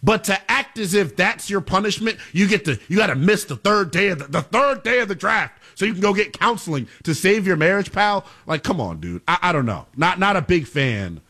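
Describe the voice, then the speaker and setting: A man's voice: high voice, sing-song, fairly quick, few pauses, bright, forceful tone. A man co-hosting a sports talk show, arguing his point emphatically and repeating himself. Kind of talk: heated sports debate.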